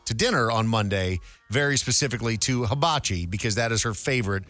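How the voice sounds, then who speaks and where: A man's voice: lowish voice, fast talker, fairly bright tone, soft background music. A man co-hosting a radio talk show, telling a joking story in casual chat.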